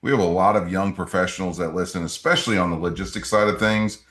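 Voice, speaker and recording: A man co-hosting a podcast, asking drawn-out questions in a relaxed, conversational way. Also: low-pitched, echoey room. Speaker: podcast co-host. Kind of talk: casual interview chat.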